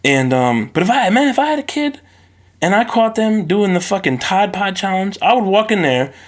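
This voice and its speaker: A man hosting a solo podcast recorded on a phone, ranting in an animated, profane way. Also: sits high, moderate pace. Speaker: podcast host.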